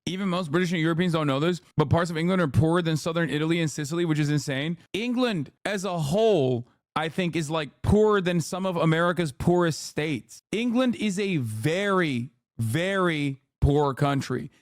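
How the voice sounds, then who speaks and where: A man's voice: on the high side, moderate pace, dry recording. Ranting male streamer, dry close sound. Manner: heated, ranting, swears often; reads chat aloud and answers it. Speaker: streamer host. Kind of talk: live political commentary.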